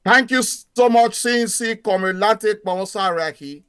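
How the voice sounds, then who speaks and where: A man's voice: high-pitched, normal speed, bright, forceful tone, clean tone, no echo, studio quality. A man co-hosting a video-call meeting in an upbeat, formal way. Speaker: co-host. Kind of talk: online meeting moderation.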